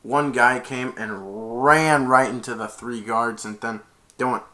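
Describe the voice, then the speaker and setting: A man's voice: medium pitch, measured pace, sharp tone. A man casually retelling a movie, rambling with many restarts. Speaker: movie reviewer.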